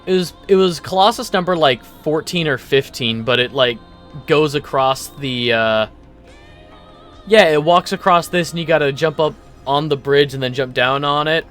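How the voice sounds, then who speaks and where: Rambling excitable man playing a game. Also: on the high side, moderate pace, faint music behind. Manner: rambling, excitable, swears casually. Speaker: gaming YouTuber. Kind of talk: casual let's play commentary.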